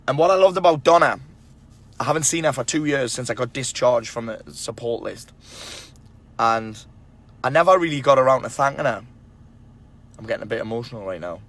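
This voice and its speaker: A man's voice: mid-range voice, fairly bright tone. A man talking straight to camera, blunt and emphatic, swearing often as he gives tough-love advice to other men. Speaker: men's self-help speaker. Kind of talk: casual motivational monologue.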